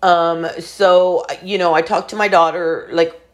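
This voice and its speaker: A woman's voice: fairly low pitch, fairly even intonation, unhurried. A woman in her forties candidly telling a personal family story in a chatty, profane way, with lots of fillers. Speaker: vlogger.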